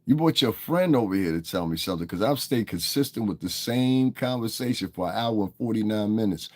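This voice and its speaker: Talking fast with few pauses in a lowish, expressive voice, a man goes off on his livestream chat. It's live-stream commentary delivered as a profane, confrontational rant aimed right at his viewers.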